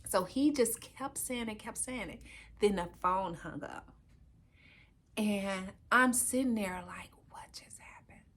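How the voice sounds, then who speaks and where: Young woman, podcast co-host, casual storyteller who acts out the dialogue, faint hiss behind. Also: mid-range voice. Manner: animated, acts out quoted dialogue, frequent "I'm like".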